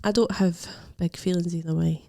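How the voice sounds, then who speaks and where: Gravelly-voiced Scottish woman, blunt and laughing. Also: lowish voice, fairly even intonation, normal speed, dark tone. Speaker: podcast co-host, comedian. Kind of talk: casual chat.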